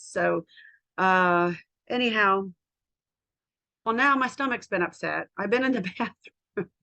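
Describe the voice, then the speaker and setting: A woman's voice: medium pitch, measured pace, creaky, pauses often, pushed and bright. An American woman in her fifties vlogs about her own life. She talks in a candid, rambling way with plenty of feeling. Her voice is that of a health coach chatting with viewers. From United States. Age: 50s. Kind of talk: casual personal vlog.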